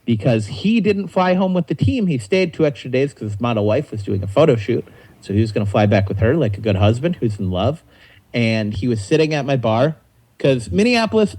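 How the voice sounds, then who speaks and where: A man's voice: medium pitch, low-quality recording. A young adult man, a comedian guest, telling anecdotes in casual chat and acting out the other people's voices as he goes. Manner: animated, acts out voices in anecdotes.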